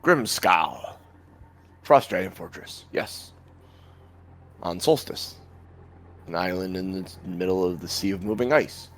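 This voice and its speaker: A man's voice: sits low, slow pace, long pauses, fairly bright tone, full character voice. A man voicing a sly, knowing talking orb that speaks in a grand, declaiming way. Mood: grandiose.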